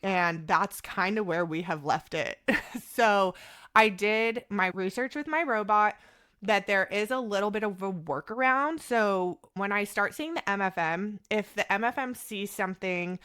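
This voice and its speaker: Podcast guest, woman, thirties, bright voice, animated storyteller who quotes others in voices. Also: medium pitch, clean tone. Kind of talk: casual storytelling chat.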